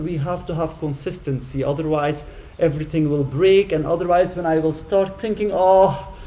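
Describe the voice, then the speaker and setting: A man talking to camera in an emotional, effusive monologue, repeating himself, blowing kisses and swinging from loud frustration to hushed thanks. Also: high-pitched. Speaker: vlogger talking to an AI chatbot.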